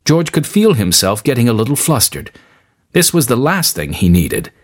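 A man narrating a storybook in expressive, scripted style. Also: medium pitch, normal speed.

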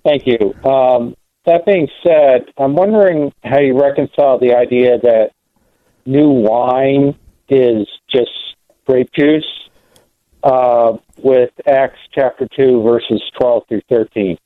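A man's voice: medium pitch, animated, slow, no echo. A male caller puts a Bible question to a radio show, hesitating and restarting often. He comes through a tinny phone line with a dry sound. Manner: hesitant, many ums.

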